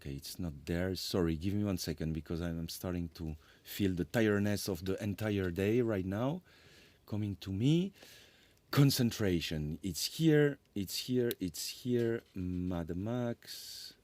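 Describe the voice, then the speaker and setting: A man's voice: sits low, a little slow, darkish tone. A middle-aged man, a composer giving a conference lecture on his work, rambling and correcting himself with apologetic asides. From France.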